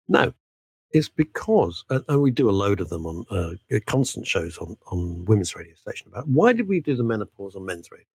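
A man's voice: on the low side, brisk, husky, no room sound. A man, a veteran broadcaster talking as a guest in a podcast interview, emphatic and full of asides. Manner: animated, emphatic, frequent laughs and asides.

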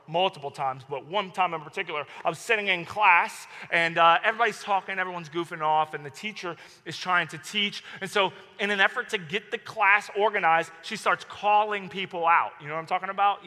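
A male pastor preaching a sermon, telling stories in an animated way and acting out his own outbursts. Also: high voice. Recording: long hall reverb.

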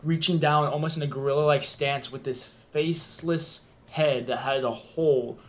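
A man runs a tabletop game as game master and narrates the scene in a loose, rambling way, full of ums and uhs. His voice sits a little high. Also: steady tone, normal speed, a little hiss or hum.

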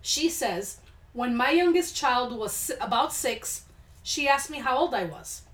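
Speaking at a measured pace with lively intonation, this high-pitched woman hosts a casual podcast. She reads out listener stories and tosses in blunt, relaxed asides, all captured in an echoey home studio.

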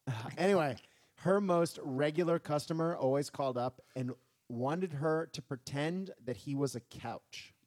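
A man's voice: on the high side, normal speed, darkish tone. A man with a Canadian accent, a podcast co-host telling a story in casual chat with a self-deprecating, laughing manner.

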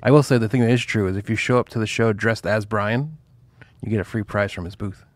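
A man co-hosting a relaxed studio podcast, joking around and teasing his partner. His voice sits on the lower side, and the sound is close and dry with no room echo. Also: a little fast. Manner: joking, playful, breaks into silly voices. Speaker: podcast co-host. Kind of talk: casual chat. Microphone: studio mic.

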